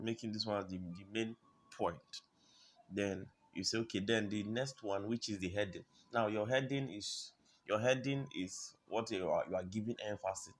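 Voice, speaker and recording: A man with a lowish voice walks through design principles in a tutorial. He talks haltingly, restarting phrases and clearing his throat, and keeps asking whether you understand. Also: a bit bright. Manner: halting, repeats words, clears throat often. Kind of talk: screen-recorded tutorial explanation.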